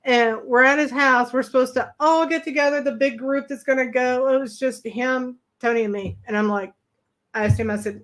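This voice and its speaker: A middle-aged woman co-hosting a travel live stream, telling stories in a lively, animated way and acting out the people she quotes. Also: moderate pace. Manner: animated, acts out quoted voices with big pitch jumps. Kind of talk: casual storytelling chat.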